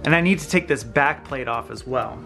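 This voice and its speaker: A man's voice: mid-range voice, a little fast, gravelly. A man hosting his own channel, casually walking viewers through a hands-on guitar tutorial in his home workshop, explaining step by step. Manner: relaxed, explains step by step, some restarts. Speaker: guitar builder and channel host.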